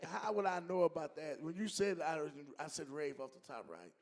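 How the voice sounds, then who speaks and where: A middle-aged man co-hosting a casual comedy podcast, telling stories in an animated, laughing way. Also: fairly high pitch, moderate pace. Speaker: co-host.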